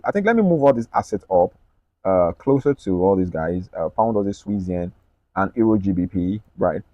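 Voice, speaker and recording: A man walking viewers through his market analysis on screen, talking quickly and checking in with them often. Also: on the low side, a little mellow, no room sound. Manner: rapid, repetitive, checks in with "right?" and "okay?". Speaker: trading analyst.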